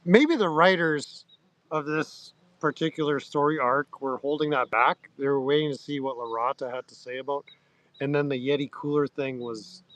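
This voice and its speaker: Guy rambling on his stream, lots of ums and restarts, clears his throat a ton, average pitch. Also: fairly bright tone. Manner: halting, many fillers and restarts, crude slang. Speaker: livestream host. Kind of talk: rambling casual chat to viewers.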